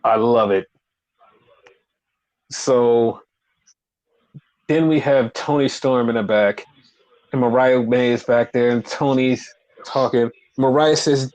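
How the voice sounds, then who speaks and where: Animated man recapping wrestling. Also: mid-range voice, slow, pauses often. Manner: animated, swears freely, acts out quotes. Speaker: podcast co-host. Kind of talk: casual wrestling recap chat.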